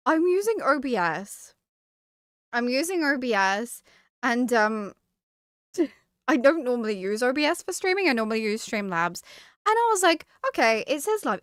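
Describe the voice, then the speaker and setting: Giggly girl chatting on her stream, high bright voice, dead dry mic. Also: no room sound. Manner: giggly, chatty, reads and greets the chat. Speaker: streamer hosting a book club. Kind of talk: casual live-stream chat.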